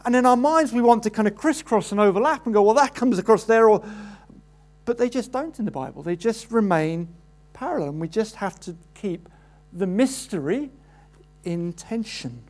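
Animated male preacher. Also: moderate pace. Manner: animated, acts out quoted voices with rising pitch. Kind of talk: sermon.

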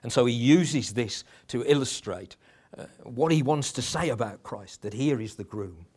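A man's voice: medium pitch, lively intonation, normal speed, darkish tone, breathy edge. A middle-aged man preaching a sermon in a conversational way, with chuckles and restarts.

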